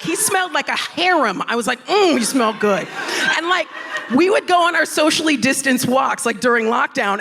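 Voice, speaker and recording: A woman doing a stand-up set in a comedy club, telling a story in a brash, profane, animated way. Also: high-pitched.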